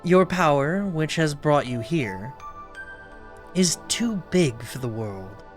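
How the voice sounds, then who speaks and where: A man reading aloud the lines of a calm, commanding female goddess from a video game, in a lowered, solemn voice. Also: slow pace, soft background music.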